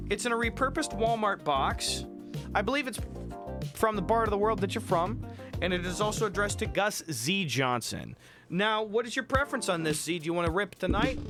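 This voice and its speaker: A man hosts a livestream, chatting casually with a high voice that swings widely in pitch. He tells stories in an excitable, profane rush. Music plays clearly behind him. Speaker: livestream host. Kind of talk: casual chat. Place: home streaming room.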